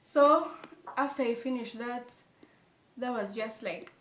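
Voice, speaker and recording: A young woman telling a personal story to her viewers in an animated, emphatic way. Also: fairly high pitch, takes it slowly. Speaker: vlogger. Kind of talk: casual storytelling to camera. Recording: echoey room, faint background noise.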